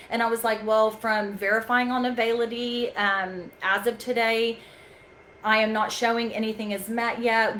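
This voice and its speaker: A woman calmly telling a staff-training story from a chiropractic front desk, patient and talkative. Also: fairly high pitch, a little hiss or hum, poor audio. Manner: calm, patient, storytelling with quoted dialogue. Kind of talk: casual staff training talk.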